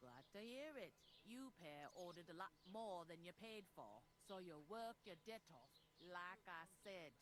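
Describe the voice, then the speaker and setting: A woman's voice: lowish voice, sing-song, a little slow, hardly any pauses, slight background noise. A woman voicing a blunt, bossy village innkeeper in a video game. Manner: bossy, plain-spoken, folksy.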